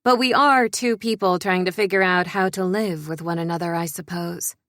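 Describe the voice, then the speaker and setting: Young woman reading a story in first person, lowish voice, soft n measured, dry sound. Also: steady tone, dry recording. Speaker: narrator.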